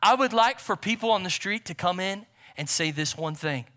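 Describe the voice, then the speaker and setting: A man's voice: high voice, lively intonation, normal speed, bright, forceful tone. A man preaching a sermon as pastor, in a conversational style that repeats phrases for emphasis.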